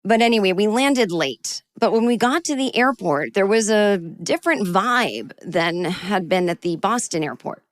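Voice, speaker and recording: A woman comedian hosts a solo podcast, recounting a personal story with a wry, self-deprecating edge. She sounds animated as she retells it, with a mid-range voice. The recording is dry and close, with no room sound. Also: mid-range voice, moderate pace, hardly any pauses, no room sound.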